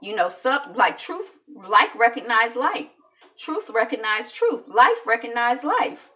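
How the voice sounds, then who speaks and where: Woman, talk show host, rambling casual opinion talk, high bright voice, a little off-mic. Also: slow, recorded from a distance. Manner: rambling, animated, with many restarts and acted-out quotes.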